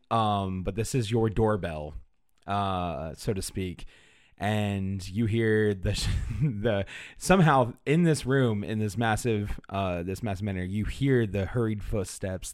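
A man narrating a tabletop game as game master, halting, with many fillers and restarts. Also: fairly low pitch, smooth, no echo, clean studio sound.

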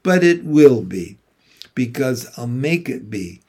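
A loving old grandmother in a storybook, as a man reads her, calm and quietly resolute. Her words come slowly and steadily, with a firm, reassuring warmth. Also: medium pitch, breathy edge, heavily acted. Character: loving, determined Korean grandmother. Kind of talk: audiobook character reading.

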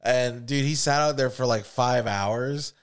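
A man's voice: medium pitch, measured pace, clean tone. A man in his thirties with an American accent, telling profane, rambling stories on a casual podcast and acting out other people's voices. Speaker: podcast co-host. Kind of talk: casual storytelling chat.

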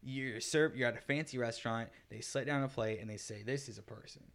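A young man co-hosting a crude, casual podcast chat, laughing often and acting out quotes in loud bursts. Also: mid-range voice, a little fast, gravelly. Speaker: podcast co-host.

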